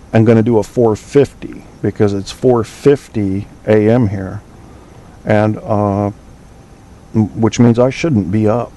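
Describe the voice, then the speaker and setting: A man's voice: lowish voice, mellow. A man hosting a call-in podcast late at night, rambling loosely with profanity and filler. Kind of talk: late-night solo radio show talk.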